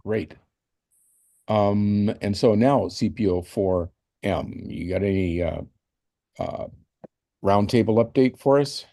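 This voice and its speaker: A man chairing a community meeting, speaking haltingly with many pauses and fillers. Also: on the low side, mellow, no room sound, clean studio sound.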